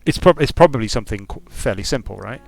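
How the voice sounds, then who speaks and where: Low-voiced man rambling over gameplay. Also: expressive, fast talker, gravelly, darkish tone, faint music behind. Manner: rambling, thinks aloud with many restarts. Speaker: streamer and game designer. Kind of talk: casual gameplay commentary.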